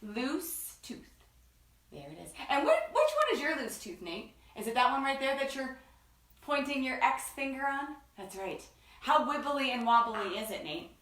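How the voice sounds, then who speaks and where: A woman's voice: sits high, sing-song, normal speed, a bit bright, roomy sound, far from the mic. A woman hosting a children's story time, talking in a playful, bubbly way to young kids.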